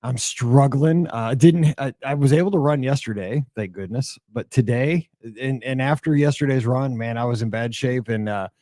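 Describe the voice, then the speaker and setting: Hoarse middle-aged male podcast host, chatty and rambling, dark mellow voice, dry close mic. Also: medium pitch, moderate pace, few pauses, dry recording. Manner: chatty, rambling, with many fillers and restarts. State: hoarse from a cold and asthma. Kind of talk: solo podcast monologue.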